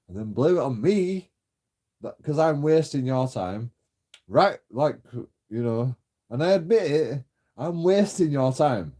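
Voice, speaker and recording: A man's voice: mid-range voice, dark tone. Sweary laughing man ranting. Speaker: vlogger. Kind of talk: casual ranting monologue.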